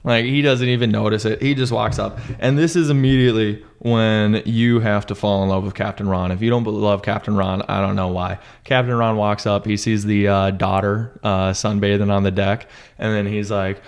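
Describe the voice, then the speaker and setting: A young man chatting excitedly about a movie, acting out lines in high silly voices. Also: moderate pace, few pauses, clean tone. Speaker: podcast co-host reviewing a movie. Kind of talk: casual chat, retelling scenes.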